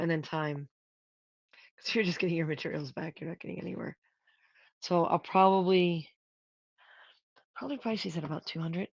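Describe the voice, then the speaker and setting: Thinking aloud and adding up costs, a prop maker talks casually during a work livestream. The voice is middling in pitch, and the dry, close recording has the dull, lo-fi quality of livestream audio.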